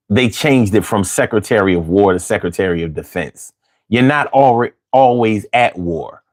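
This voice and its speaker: A man hosting a late-night livestream, ranting with heavy profanity and talking back to his chat. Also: mid-range voice. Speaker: livestream host.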